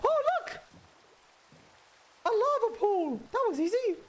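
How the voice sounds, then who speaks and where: A male streamer chats with his viewers in a strikingly high, put-on head voice. He rambles from thought to thought in a loose, casual way and laughs often. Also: big pitch swings, takes it slowly. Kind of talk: casual live-stream chat while gaming.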